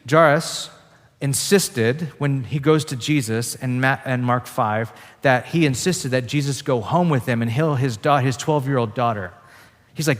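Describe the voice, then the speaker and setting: A man's voice: medium pitch, unhurried, fairly bright tone. Casual-talking male preacher in a big hall. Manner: casual, conversational preaching with frequent "like" fillers. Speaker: pastor. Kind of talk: sermon.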